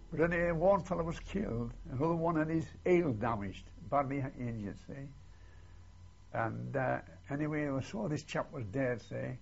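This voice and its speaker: A man's voice: mid-range voice, vocal fry, husky, lo-fi sound. An older man, recalling his war service in a rambling way and often ending lines with "see", on an old archival recording. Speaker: war veteran interviewee. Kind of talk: oral history recollection.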